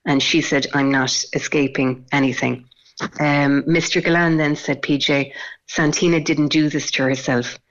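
A woman reporting live from a court case, her delivery level and even with a gravelly edge. She recounts events steadily and pauses on ums. The sound is dull and lo-fi. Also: low voice.

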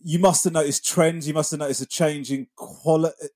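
A man interviewing a guest in casual chat, encouraging him with quick affirmations. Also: on the high side, fairly even intonation, darkish tone, no echo, studio quality.

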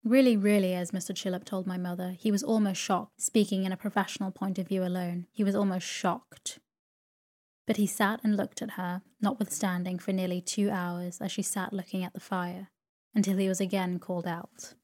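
Woman narrator, sleep story reading, calm, slow, soothing. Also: mid-range voice.

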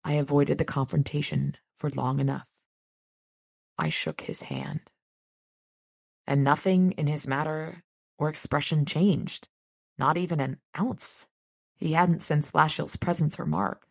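Low-voiced woman reading a novel aloud. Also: expressive, unhurried, vocal fry, pauses often, breathy edge, no echo, studio quality. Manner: chatty, enthusiastic asides. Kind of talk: reading aloud with casual commentary.

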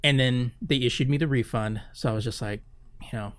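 This male co-host spins a long tale in casual podcast chat, rambling, swearing and using many fillers. His medium-pitched voice is brisk, with no room sound.

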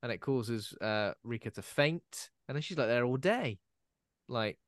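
A man's voice: mid-range voice, animated, a little slow, dry recording, clean studio sound. A man co-hosting a podcast, recapping a film plot in a jokey way with lots of fillers. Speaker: podcast co-host. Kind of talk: casual podcast chat.

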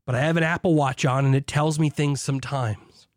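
A man hosting a beer podcast alone, drinking as he talks, hyped and swearing, swinging between shouted zeal and low asides. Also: fairly even intonation, fairly quick, no echo, clean studio sound. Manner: swears, mock preacher zeal. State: drinking beer while talking. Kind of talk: excited solo podcast monologue.

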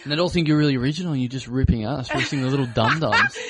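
An Australian man co-hosting a comedy podcast, cheeky and quick to laugh. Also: medium pitch, crowd noise. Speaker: podcast co-host. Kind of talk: casual comedic chat. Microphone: podcast mic without windscreen.

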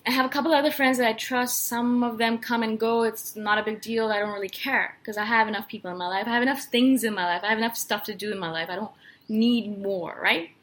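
A woman's voice: fairly high pitch, fast. Earnest woman telling a personal story. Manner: earnest, animated storytelling with frequent fillers. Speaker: personality podcast host. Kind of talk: casual personal monologue.

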